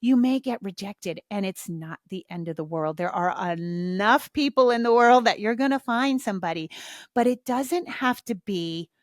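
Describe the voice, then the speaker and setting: A woman's voice: medium pitch, animated, moderate pace, no room sound, clean studio sound. A middle-aged woman hosting her own podcast, talking frankly in casual chat, swearing freely and acting out little exchanges. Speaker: podcast host. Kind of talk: casual solo podcast talk.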